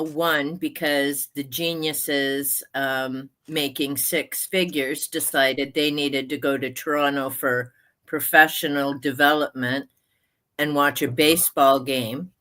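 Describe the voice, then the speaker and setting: Slow, bright-voiced woman in her sixties. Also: deep voice. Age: 60s. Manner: chatty, laughs often, slow and drawn-out. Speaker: livestream host. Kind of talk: casual chat.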